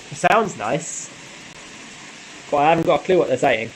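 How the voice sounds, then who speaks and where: Chatty man with a slightly high voice. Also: a little hiss or hum, low-quality recording. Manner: relaxed and chatty, with frequent light laughs. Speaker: model railway channel host. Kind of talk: casual live stream chat answering viewer comments.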